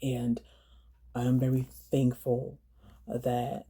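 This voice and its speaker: Woman, vlog storyteller, very dark voice, flat delivery, repeats herself, earnest. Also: very deep voice, breathy edge. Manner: halting, repeats words and phrases; earnest, urging viewers to slow down. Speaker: vlogger telling her own story.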